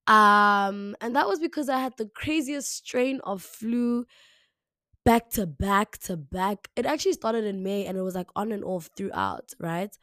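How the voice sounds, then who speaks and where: A young woman from South Africa hosting a podcast alone, talking casually with lots of "like" fillers, her voice hoarse, slightly raspy and deeper after the flu. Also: a little slow, pushed and bright, dry recording, studio quality. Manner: chatty, repeats herself, many "like" fillers. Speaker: podcast host. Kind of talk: casual solo podcast talk. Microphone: camera mic, alone indoors.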